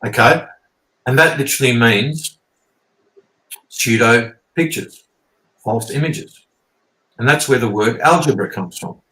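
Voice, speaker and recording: A man's voice: mid-range voice, unhurried, long pauses, sharp tone, a little hiss or hum. A man, rambling and swearing as he explains things casually, often checking in with "okay?". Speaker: guest teacher. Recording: roomy echo.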